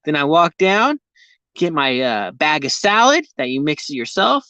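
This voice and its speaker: A man's voice: a little high, very animated, moderate pace, sharp tone, no room sound. A man vlogging casually from inside his vehicle, rambling and ranting with constant profanity. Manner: profane, heavy swearing, ranting.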